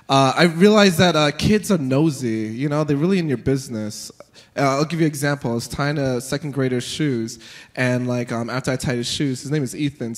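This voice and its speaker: A male stand-up comedian performing live, with a rambling, animated delivery full of fillers and sudden jumps into exaggerated voices. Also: mid-range voice.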